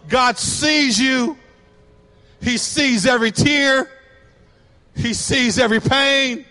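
A man's voice: very high voice, slow pace, pauses often, sharp tone, big-room sound. A man preaching a sermon, emphatic and repetitive, swelling to passionate cries. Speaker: pastor.

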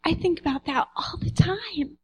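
High-voiced woman giving earnest devotional talk. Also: lively intonation, moderate pace. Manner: earnest storytelling, dropping to a whisper at tender moments. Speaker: speaker in a devotional message. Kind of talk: personal devotional sermon.

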